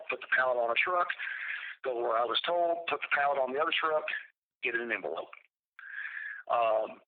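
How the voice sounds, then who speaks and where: Man rambling over a tinny phone. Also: mid-range voice. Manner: halting, rambling, frequent restarts, profane. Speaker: incarcerated interviewee. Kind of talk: recounting a personal story by phone. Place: prison. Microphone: prison telephone. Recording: tinny prison phone line.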